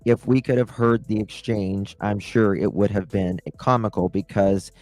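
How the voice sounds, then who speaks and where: A man's voice: fairly low pitch, steady tone, normal speed, darkish tone, faint music behind, low-quality recording. A man hosting a live stream, giving casual, gossipy commentary that breaks into laughter and swearing.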